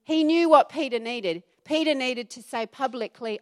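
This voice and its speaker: Woman pastor, middle-aged, slightly high pitch, animated sermon delivery. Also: moderate pace, few pauses. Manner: animated preaching, acting out quoted voices.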